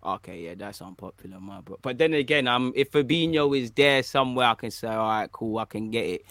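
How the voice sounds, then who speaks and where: A man's voice: medium pitch, a little fast, a bit bright, no echo. Laid-back slangy male stream host. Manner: laid-back, slangy, hypes up his guest. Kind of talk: casual stream chat.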